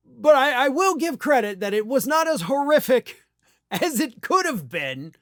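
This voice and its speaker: A man's voice: very high-pitched, sing-song, unhurried, a bit bright, no room sound, studio quality. A man hosting a political commentary show, talking in a scornful, emphatic monologue with some restarts.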